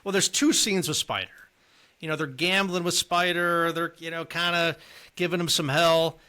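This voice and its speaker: A man's voice: fairly high pitch, fairly even intonation, moderate pace, sharp tone, clear, resonant tone. A man co-hosting a casual movie podcast, enthusiastically prompting his co-host with questions.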